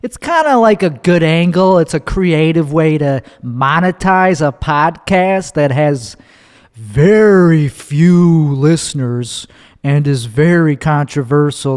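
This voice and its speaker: A man's voice: on the high side, smooth, long reverb tail. A young man, hosting a solo podcast, talking in a sarcastic, profane ramble and acting out other people's voices. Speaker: podcast host.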